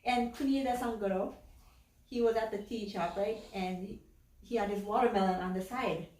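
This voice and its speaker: A woman minister telling a story in a chatty, animated sermon in a church. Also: mid-range voice, moderate pace. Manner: animated, chatty, with many fillers. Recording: echoey church from a distance.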